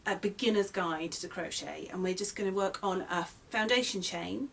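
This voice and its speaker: A young woman with an English accent talks through a beginner's crochet lesson. She is chatty and friendly, and she restarts her sentences as she explains, at an ordinary pitch. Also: a bit bright. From England. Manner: chatty, friendly, self-correcting. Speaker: crochet designer and teacher. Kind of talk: casual tutorial.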